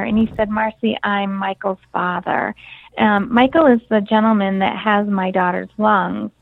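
A woman's voice: on the high side, creaky, no echo. A woman guest, an author, earnestly telling a personal story and acting out the dialogue as she goes. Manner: earnest, retells dialogue vividly. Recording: phone-line sound.

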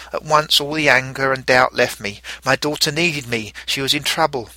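Bright-voiced man telling a story. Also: medium pitch, normal speed, hardly any pauses, no echo. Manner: reflective, gentle first-person telling. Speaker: narrator. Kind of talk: storytelling narration.

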